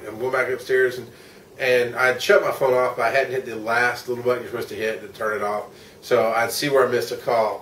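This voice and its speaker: A mid-range, slightly bright male voice belongs to a tired middle-aged American vlogger and podcaster recounting his day in an honest, wandering travel vlog, cursing when frustrated. There's a little hiss or hum, plus roomy echo and faint ambience from a distant mic.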